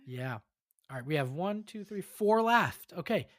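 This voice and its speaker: A woman's voice: fairly low pitch, animated, unhurried. A woman hosting a podcast, running a quiz for her co-hosts in an upbeat, encouraging way. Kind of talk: casual podcast chat.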